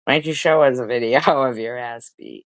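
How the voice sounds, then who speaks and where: A woman's voice: very deep voice, brisk, no echo. A woman streamer giving mocking reaction commentary, crude and profane, laughing at her own jokes.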